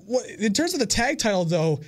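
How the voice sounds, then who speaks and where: A man with a high voice asks polite, hesitant questions, full of ums and uhs. His tone is easygoing and apologetic. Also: big pitch swings, fairly quick. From Canada. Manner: polite, hesitant, filler-heavy. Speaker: interviewer. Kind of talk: casual interview.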